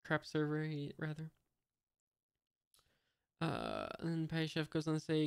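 Hesitant man reading comics aloud, slow. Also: on the high side, level tone, creaky, clean tone, no echo, clean studio sound. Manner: hesitant, many fillers, reads out sound effects. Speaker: manga reader.

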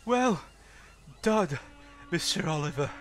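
A man voicing a timid, polite little brake van in a storybook, in a much higher voice than his own. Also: big pitch swings, extremely slow, full character voice. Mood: grateful. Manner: frightened high cries, polite. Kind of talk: storybook character voice.

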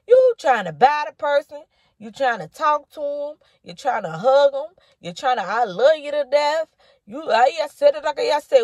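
A woman's voice: high-pitched, dry recording. A woman minister preaching to camera with impassioned, rhythmic repetition, calling the listener honey and baby. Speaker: minister giving a prophetic word.

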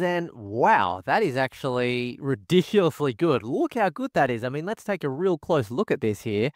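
A man's voice: mid-range voice, big pitch swings, moderate pace, few pauses, dry recording, clean studio sound. A man giving an enthusiastic product walkthrough as a tech reviewer, packing nearly every sentence with "guys" and "folks". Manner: enthusiastic, says "guys" constantly. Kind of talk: screen-recorded product walkthrough.

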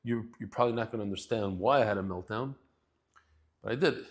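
Speaking quickly in a fairly low voice, a man opens his daily Talmud class with a casual, heartfelt introduction. He gets emotional and restarts his sentences often.

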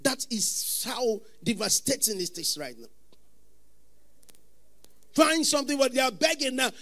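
A man with a Nigerian accent preaching a sermon as pastor, often breaking into sudden shouts. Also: extremely high pitch, sing-song, measured pace.

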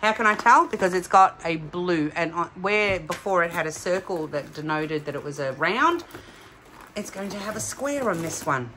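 A middle-aged woman from Australia chatting excitedly as she unboxes craft kits for her vlog. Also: lowish voice, moderate pace, a little hiss or hum. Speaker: craft vlogger. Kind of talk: casual unboxing chat.

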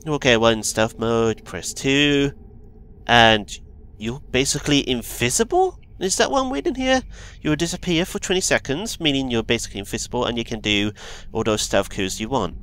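A man giving chatty let's play commentary, excitable, yelping and making asides as he plays. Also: medium pitch. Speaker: gaming video host.

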